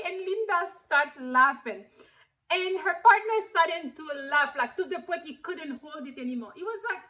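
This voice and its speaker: A woman in her thirties whose first language is French, telling a personal story in a lively way, with many fillers and bursts of laughter. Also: very high voice, moderate pace. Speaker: vlogger. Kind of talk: casual storytelling.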